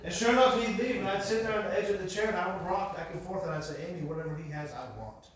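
High-voiced man preaching in an echoey hall. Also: fairly even intonation, fast talker. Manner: emphatic, repetitive preaching cadence. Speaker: preacher giving his testimony. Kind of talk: sermon testimony. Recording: echoey hall from far off, faint hiss.

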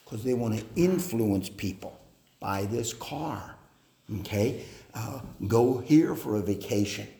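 A man preaching a sermon on family life, slow and deliberate, with hesitant fillers. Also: mid-range voice, animated, gravelly, warm tone. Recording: echoey hall with faint noise.

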